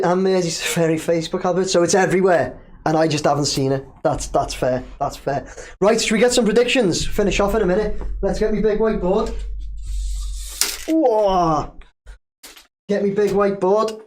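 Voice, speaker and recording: A man's voice: high-pitched, darkish tone. A man hosting a casual live stream, chatting loosely, reading viewer comments aloud and laughing easily. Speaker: livestream host.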